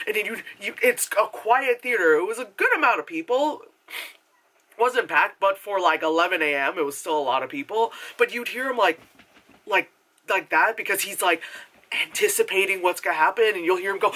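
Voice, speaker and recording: A vlogger rambles through a movie review to the camera, with a bright, clear edge on every word. The pitch leaps up and down as the talk runs on, full of swearing, fillers and sudden tangents. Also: moderate pace. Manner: animated, swears often, mimics other people; heavy filler words, goes off on tangents. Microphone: camera mic.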